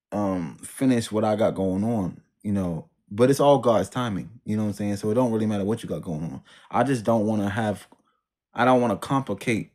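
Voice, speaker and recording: A man's voice: fairly low pitch, darkish tone. Man telling a rambling story. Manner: rambling, restarts and trails off, slangy. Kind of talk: casual storytelling monologue.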